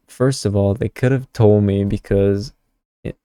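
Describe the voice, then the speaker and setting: A man's voice: lowish voice, steady tone, a little slow, warm tone, clear, resonant tone, no room sound, studio quality. A young man telling a story to camera in casual vlog chat, swearing freely and tagging lines with "okay?". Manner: chatty, swears a lot, keeps adding "okay?". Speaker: tarot vlogger.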